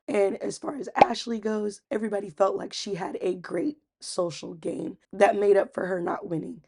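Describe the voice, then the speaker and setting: Woman, husky, gravelly, chatty TV recap, acts out quotes. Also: medium pitch, darkish tone. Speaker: recap host. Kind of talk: casual TV recap.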